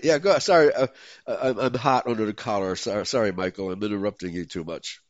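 A man hosting a talk show, speaking in an excitable, emphatic way and often breaking into laughter. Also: lowish voice, brisk, no room sound. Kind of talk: casual talk show conversation. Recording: dull lo-fi dry sound.

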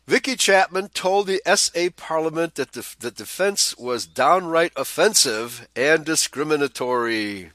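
A man's voice: on the high side, expressive, unhurried, hardly any pauses, bright, forceful tone, no room sound. Sarcastic man reading news with asides. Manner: sarcastic, scornful asides with chuckles; stammers and repeats words.

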